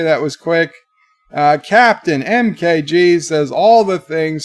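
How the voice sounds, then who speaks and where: Man reading livestream chat aloud. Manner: reads viewer comments aloud in a brighter, higher voice, answers them lower and quieter. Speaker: livestream host. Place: bedroom.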